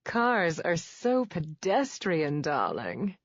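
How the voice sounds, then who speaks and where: A wealthy, playful woman with a slow, mock-grand drawl, as a narrator puts her on. The sound is dull and dry, close to the mic. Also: lowish voice, wildly swooping pitch, dry recording, exaggerated voice. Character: rich, sweet blonde woman, showy and playful. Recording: dull dry studio read.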